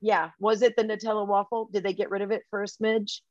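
A woman's voice: mid-range voice, flat delivery, fast talker, darkish tone, dry recording, dull audio. A woman, a guest on a podcast, chatting and telling stories in a casual way. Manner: chatty, storytelling. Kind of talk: casual chat.

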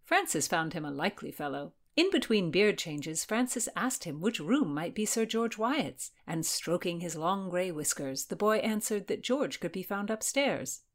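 Lively low-voiced woman narrator. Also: normal speed, few pauses. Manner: lively, expressive storytelling. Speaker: audiobook narrator. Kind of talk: scripted narration.

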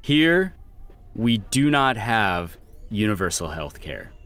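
Man doing a solemn rebel mentor, slow, grave, swooping intonation, comedy sketch. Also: fairly low pitch, sing-song, a bit bright, voice pushed down, full character voice. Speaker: sketch performer.

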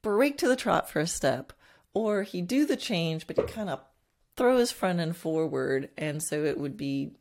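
A woman horse trainer talking to her students in a reflective, teaching way, with soft laughs and restarts. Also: on the low side, lively intonation, measured pace. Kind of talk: teaching talk.

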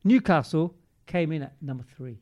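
A man with a high voice co-hosting a podcast and steering the casual chat. He teases his co-hosts and sets them little guessing games. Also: animated, moderate pace, a little mellow, lo-fi sound. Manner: teasing, drives the topic, sets up guessing games. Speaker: podcast co-host.

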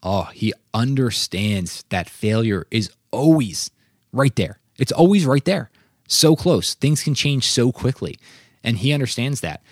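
A man's voice: medium pitch, animated, measured pace, no echo, clean studio sound. A young man hosting a solo podcast, talking earnestly and often checking in with "right?" and "like". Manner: earnest, keeps asking "right?" and "like". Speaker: podcast host.

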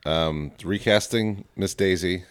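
A man's voice: low-pitched, takes it slowly, clean tone, dry recording. A man co-hosting a casual movie podcast, joking around and laughing often. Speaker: podcast co-host.

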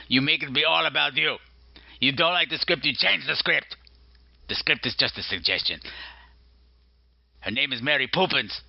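Brief: a bratty male gargoyle, put on by a man, boastful and insulting, middle pitch, dull dry recording. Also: dry recording. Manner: mocking, insulting, rambling and self-important. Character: rude, boastful male gargoyle, mischievous rebel.

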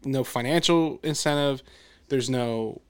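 A man's voice: mid-range voice, unhurried, clear, resonant tone. Male podcast host, casual and rambling, talking sports. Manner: rambling, trails off and restarts. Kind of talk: casual chat.

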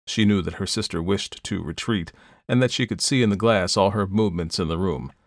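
A man narrating a classic story in a measured, even storytelling manner. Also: low-pitched, dry recording, studio quality. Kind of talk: audiobook reading of classic fiction.

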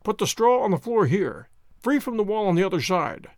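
A man's voice: high voice, big pitch swings, brisk, no echo, studio quality. A man reading a story aloud, voicing a poised, theatrical detective who speaks with precise courtesy. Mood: composed. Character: poised, theatrical male detective, fond of pomp. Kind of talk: audiobook character voice.

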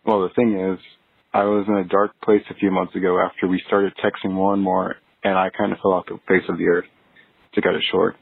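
A man from Texas leaves a voicemail over a thin, phone-like line. His voice sits very low and flat, with a gravelly, husky edge. He tells his story in an earnest, steady way. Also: brisk, no echo. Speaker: voicemail caller. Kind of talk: phoned-in voicemail asking advice.

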